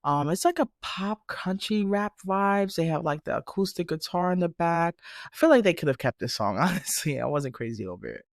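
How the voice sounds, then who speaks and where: A man hosting a podcast, giving a casual, animated and profane review of new music. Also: a little high, brisk, dry recording, studio quality. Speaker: podcast host.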